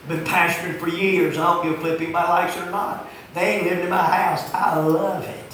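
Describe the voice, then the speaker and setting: Shouting preacher in an echoey church. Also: male voice, level tone, fairly quick, slight background noise. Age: 50s. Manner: swings from shouting to low, quiet asides. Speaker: pastor. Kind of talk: fiery sermon. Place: church sanctuary. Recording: echoey room, heard from a distance.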